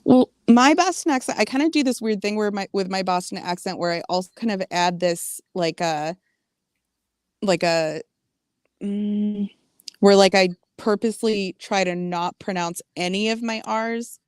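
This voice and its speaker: A woman's voice: mid-range voice, a little slow, smooth, no echo, clean studio sound. A woman co-hosting a casual livestream chat, giggly and playful, rambling as she talks. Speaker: livestream co-host.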